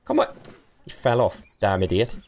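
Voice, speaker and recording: A man's voice: medium pitch, animated, normal speed, a bit bright, slight background noise. A young man giving let's play commentary, cheeky and taunting, laughing often. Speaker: gaming streamer.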